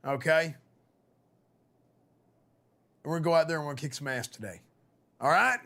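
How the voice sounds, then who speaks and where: A hoarse man on a live gaming stream, rallying like a coach in a loud, profane pep talk. His voice sits high and sharp, with a forceful edge. The rasp of a worn-out voice runs through every line. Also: normal speed. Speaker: streamer playing a football coach.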